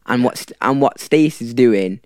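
A man's voice: mid-range voice, moderate pace, darkish tone, clear, resonant tone, dry recording, studio quality. A young man in his twenties as a podcast guest, talking informally with many hesitations and restarts. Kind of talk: casual chat.

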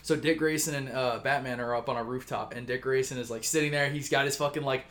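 A man casually pitching a story on a chat show, rambling and swearing, acting out the characters' lines. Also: steady tone, fast talker, a bit bright. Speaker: podcast co-host pitching a story.

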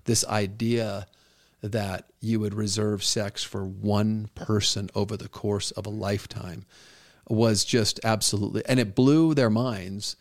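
A man's voice: on the low side, fairly even intonation, measured pace. A middle-aged man, a pastor co-hosting a podcast, talking earnestly and telling stories with quoted dialogue. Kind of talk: conversational podcast talk.

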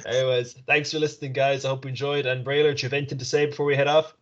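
A man's voice: medium pitch, flat delivery, rapid-fire, fairly bright tone. A man hosting a podcast, chatting casually, joking and swearing easily. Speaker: podcast host. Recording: slightly dull lo-fi sound.

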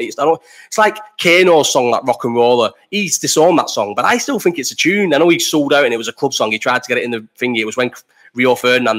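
A man's voice: medium pitch, a bit bright. Young Bolton-accented male host, casual live chat, blunt and sweary. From Bolton, England. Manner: blunt, sweary and opinionated, jumping between topics.

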